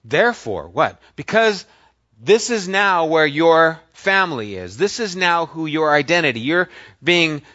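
A man preaching a sermon, teaching through a passage and stressing key words with drawn-out pauses. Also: a little high, big pitch swings, sharp tone, no echo. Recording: dull lo-fi dry recording.

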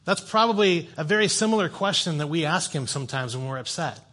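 Man preaching a lively conversational sermon. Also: on the high side, fast. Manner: conversational, animated storytelling with self-deprecating humor. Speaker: guest preacher. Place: church sanctuary.

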